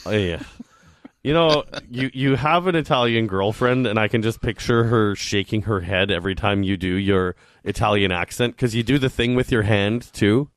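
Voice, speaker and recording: A man co-hosting a casual chat show, talking earnestly and thinking aloud with pauses. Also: lowish voice, clean tone, no room sound. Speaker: podcast co-host.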